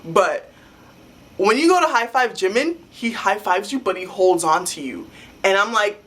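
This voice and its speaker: A young woman telling a story to her vlog camera in a rambling, excitable way, full of "like" fillers. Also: medium pitch, normal speed, slightly rough. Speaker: vlogger. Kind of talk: casual fan storytelling.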